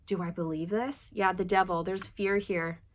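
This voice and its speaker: A woman's voice: on the low side, steady tone, moderate pace. A woman giving a casual tarot reading to her viewers, chatty and direct, asking many rhetorical questions. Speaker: tarot reader.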